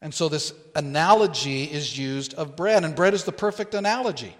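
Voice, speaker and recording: A man preaching a sermon as pastor, teaching slowly and deliberately and stressing quoted phrases. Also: a little high, a bit bright, long reverb tail.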